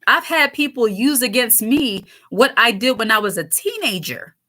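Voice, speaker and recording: A woman in her late thirties hosts a casual livestream and talks straight to her viewers in a chatty, candid way. Her voice sits fairly high and sounds bright and forward. She laughs easily as she goes. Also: very animated, normal speed. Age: 30s. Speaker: channel host reading viewer comments.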